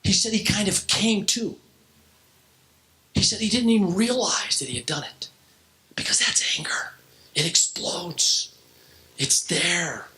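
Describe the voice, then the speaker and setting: A middle-aged man preaching a sermon to a youth group in a church hall, telling stories with restarts and sudden drops to a hushed voice. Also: sits high, animated, measured pace, long pauses, in a whisper. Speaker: pastor. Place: church hall, in front of students.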